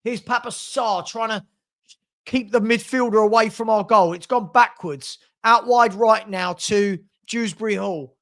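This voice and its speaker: Excitable football fan commentating. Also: male voice, sits high, measured pace. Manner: excitable, partisan, shouting at big moments. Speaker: fan watch-along commentator. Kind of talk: live match watch-along commentary. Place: home room with a dog.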